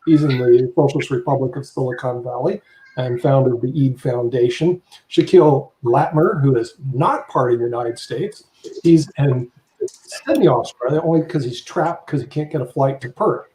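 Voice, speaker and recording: A man's voice: mid-range voice, normal speed, warm tone, echoey room, a little hiss or hum, low-quality recording. A man hosting a live online panel, introducing guests with jokes and rambling, repeated words. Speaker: show host.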